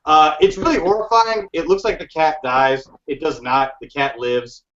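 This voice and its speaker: A man's voice: a little high, moderate pace, a bit bright, slight background noise. A man co-hosting a podcast in casual chat, telling a rambling story with a laugh and some swearing. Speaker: podcast co-host. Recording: dull lo-fi podcast audio.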